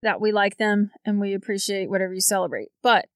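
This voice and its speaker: A woman from Colombia co-hosting a podcast in a relaxed, chatty way, laughing often. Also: medium pitch, fast, clear, resonant tone, no echo, clean studio sound. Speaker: podcast co-host. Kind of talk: casual chat.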